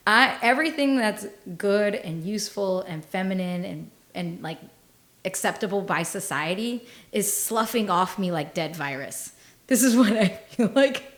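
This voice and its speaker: A forties-aged woman with a mid-range voice shares stories on a podcast she co-hosts. The conversation is loose and comedic, full of self-mockery and frequent laughs.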